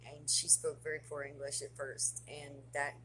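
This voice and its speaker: A woman chatting casually as a friend, relaxed and easygoing. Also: deep voice, moderate pace, background noise. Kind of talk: casual chat.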